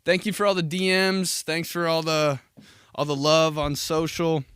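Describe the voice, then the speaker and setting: A man's voice: fairly high pitch, flat delivery, a little slow, fairly bright tone, clean tone, no echo, clean studio sound. A young man hosting a casual solo podcast, rambling through profane stories and laughing at his own jokes. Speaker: podcast host.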